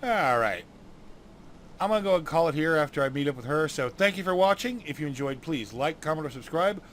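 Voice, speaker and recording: An easygoing man chats casually while he plays through a game. His voice sits slightly high and sounds bright. He makes dry, self-deprecating asides. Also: expressive, a little fast, slight background noise. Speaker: gameplay narrator. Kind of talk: casual chat.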